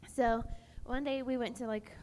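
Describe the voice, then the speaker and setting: A woman's voice: fairly high pitch, fairly even intonation, normal speed, a little mellow. A young woman on a youth panel telling a personal story in a chatty way, full of "like". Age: young adult. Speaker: panel speaker. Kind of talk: testimony to a youth audience. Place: large hall at a youth camp. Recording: echoey hall, faint background noise.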